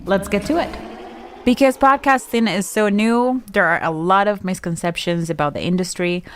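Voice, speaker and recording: A woman's voice: on the low side, clean tone, no room sound. A woman with an accent, co-hosting a podcast and speaking frankly and playfully. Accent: non-native English. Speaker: podcast host, social media and branding strategist. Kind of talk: casual co-hosted podcast chat.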